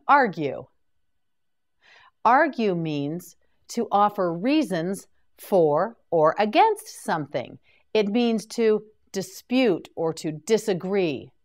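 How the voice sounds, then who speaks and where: Woman, vocabulary teacher, very slow pace, animated pitch, repeat-after-me drilling.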